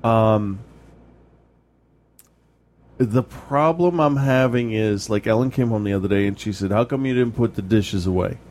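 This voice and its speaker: A man's voice: lowish voice, a little slow, pauses often, a little mellow. A man co-hosting a casual podcast chat, telling rambling self-deprecating stories with lots of restarts. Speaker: podcast co-host.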